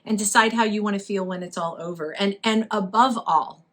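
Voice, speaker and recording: A woman's voice: mid-range voice, steady tone, quick pace, a bit bright. A woman co-hosting a casual chat, an encouraging voice teacher who laughs often. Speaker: co-host, voice teacher.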